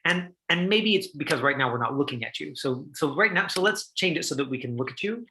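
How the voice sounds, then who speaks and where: A man's voice: a little high, lively intonation, fairly quick, pushed and bright, a little hiss or hum, low-quality recording. A middle-aged man teaching an online acting class, chatty and full of fillers, acting out line readings for his students.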